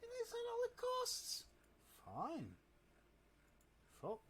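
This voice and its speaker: Man, gamer, slow pace, mutters to himself, self-deprecating jokes, casual commentary. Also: very high-pitched, wildly swooping pitch, a bit bright, slight background noise.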